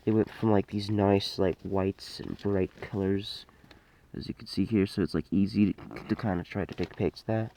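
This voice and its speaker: Low gravelly man rambling through a review. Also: flat delivery, moderate pace, mellow. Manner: rambling, hesitant, many fillers and restarts. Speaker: toy reviewer. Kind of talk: casual unscripted toy review.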